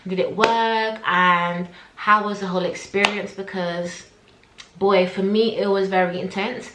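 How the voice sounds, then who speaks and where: A young woman, telling a personal story to camera and acting out what everyone said. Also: medium pitch. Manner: animated, acts out her own quotes. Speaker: vlogger. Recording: echoey room.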